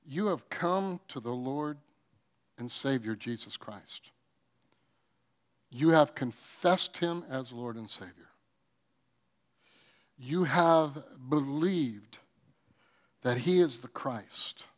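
A pastor with a mid-range voice and lively intonation takes his sermon slowly, pausing often. He acts out quotes in comic stories and alternates between loud bursts and soft, earnest moments.

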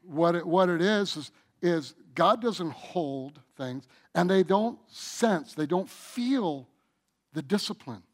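A middle-aged male preacher delivering a sermon in an unhurried, deliberate cadence. His voice sits a little high for a man, and he drives points home with sudden loud bursts before dropping to near-whispers. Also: lively intonation. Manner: emphatic, drawn-out phrases, loudness swinging from booming to hushed.

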